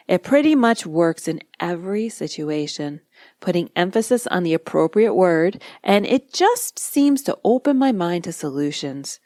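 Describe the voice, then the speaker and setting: A woman hypnotist hosting a podcast, explaining techniques in a calm, measured way with slow emphatic phrases. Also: on the low side, no echo, clean studio sound. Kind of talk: instructional podcast monologue.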